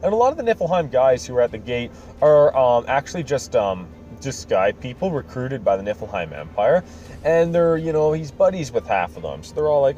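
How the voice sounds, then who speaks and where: A podcast host casually recaps a video game's story, rambling and joking with lots of fillers and acting out the quotes. His medium-pitched voice is sing-song, brisk and warm, with the highs cut off.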